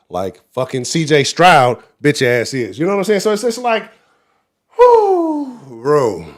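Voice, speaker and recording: A man's voice: fairly high pitch, unhurried. A man with a Houston accent hosting a sports talk livestream, ranting angrily with heavy profanity. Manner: angry, profane, animated ranting. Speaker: sports talk show host.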